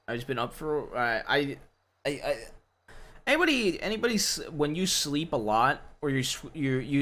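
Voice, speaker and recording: A man streaming a game role-play who rambles in a halting way and turns husky when he talks quietly. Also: medium pitch. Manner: rambling, halting, restarts a lot.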